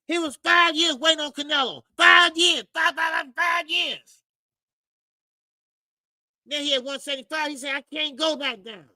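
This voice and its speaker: A man's voice: very high voice, sharp tone, no echo. A man hosting a boxing channel, ranting in emphatic, repetitive slang and calling his listeners "baby". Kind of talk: animated boxing commentary rant.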